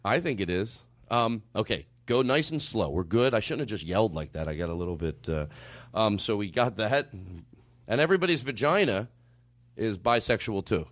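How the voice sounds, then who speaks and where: Excitable, swearing comedy podcast host. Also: male voice, fairly low pitch, moderate pace, no echo. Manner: excitable, swearing, running mock-serious bits. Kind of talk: loose comedic podcast banter.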